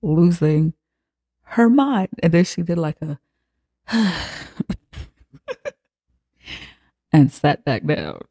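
A podcast host giving a comic, profane recap of a film, acting out the characters' lines with lively swings. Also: mid-range voice, measured pace, dry recording, studio quality. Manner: profane, animated retelling with acted-out quotes.

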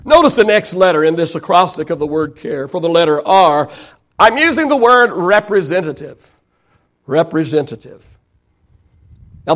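A man preaching a sermon as pastor, building emphasis and asking the congregation rhetorical questions. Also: fairly high pitch.

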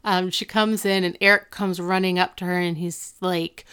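This woman's voice is fairly low and clean, moving at a moderate pace with few pauses. Chatting casually on a podcast, she recaps a TV episode with animation, performing the characters' quotes in a raised voice.

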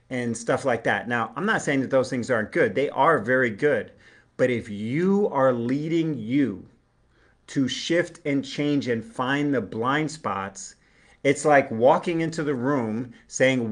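A man's voice: medium pitch, slow, a bit bright. A man giving a live relationship coaching talk, earnest and explanatory, acting out short everyday dialogues.

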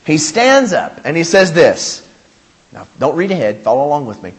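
A male pastor preaching a sermon, animated and emphatic, with humor and rhetorical questions. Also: a little high, normal speed.

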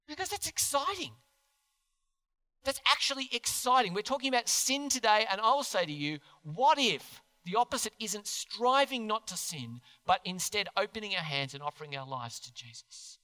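A man preaching a sermon as pastor in a church, earnest and animated, putting questions to the congregation. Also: sits high, moderate pace. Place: church hall. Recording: long hall reverb.

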